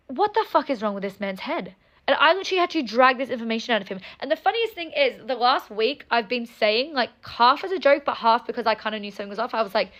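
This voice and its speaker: A young woman telling a story time, fuming and upset, talking fast with lots of "like" and swearing. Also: on the high side, fairly bright tone, lo-fi sound. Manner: angry, fast, swears a lot, many "like"s. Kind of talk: casual storytime rant.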